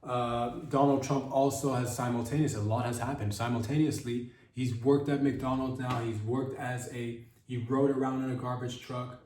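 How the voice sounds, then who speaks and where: A man hosting a podcast, riffing through an absurd comedic monologue in a deadpan, rambling way with many restarts. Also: medium pitch, normal speed, hardly any pauses. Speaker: podcast host. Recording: echoey room, distant from mic.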